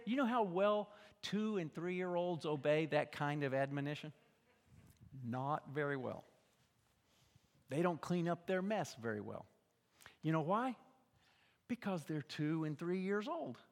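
An older man delivers a sermon in a fairly high voice, swinging between hushed, quiet lines and loud shouts. His voice carries the long reverb of a large hall. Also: animated, measured pace, long pauses. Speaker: pastor.

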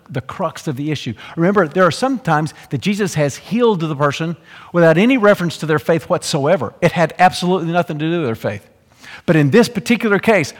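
A man preaching a sermon, telling the story dramatically and swinging between loud and soft, in a church hall. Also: on the high side. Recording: long hall reverb.

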